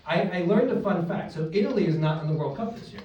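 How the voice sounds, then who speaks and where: American man, stand-up comedian, slightly high voice, dry self-mocking jokes, distant mic in a roomy club. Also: lively intonation, fast, dull audio. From United States. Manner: dry, self-deprecating punchlines with audience banter. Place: comedy club stage, live audience. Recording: echoey room, distant mic, loud noise.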